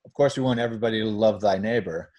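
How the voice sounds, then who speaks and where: A man's voice: fairly low pitch, very fast, a little mellow. A man hosting a podcast interview, talking earnestly and emphatically and restarting his phrases. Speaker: podcast host. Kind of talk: conversational interview.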